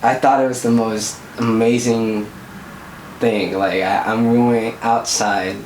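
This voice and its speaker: A man's voice: mid-range voice, flat delivery, slow pace, darkish tone, slight background noise. A young man from Southern California hosting a vlog, telling stories in a rambling, casual way full of fillers. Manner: rambling, filler-heavy storytelling. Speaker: vlog host. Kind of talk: casual chat. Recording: echoey room, mic at a distance.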